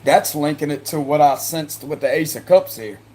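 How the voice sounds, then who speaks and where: A man's voice: on the high side, normal speed, mellow. A man with a Cajun accent giving a casual, rambling tarot reading to viewers, repeating himself and chuckling in asides. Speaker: tarot reader.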